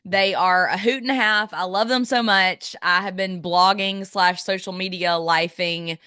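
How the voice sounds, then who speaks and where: A woman in her thirties from Alabama with a Southern accent, chatting as a podcast guest and telling lively stories. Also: lowish voice, unhurried, clean tone, no room sound, studio quality. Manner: chatty storyteller, laughs often, acts out voices in her stories. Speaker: guest, health blogger. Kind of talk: casual interview chat.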